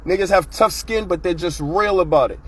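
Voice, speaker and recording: Very high-pitched man ranting bluntly. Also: fairly quick, breathy edge. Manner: blunt, profane, fired-up. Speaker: show host. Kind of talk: casual ranting monologue.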